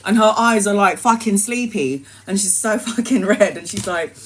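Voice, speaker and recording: A woman's voice: mid-range voice, moderate pace. A woman telling a wild personal story in casual, swear-filled streamer style. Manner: animated, swearing, laughing anecdote. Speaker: tarot reader, streamer.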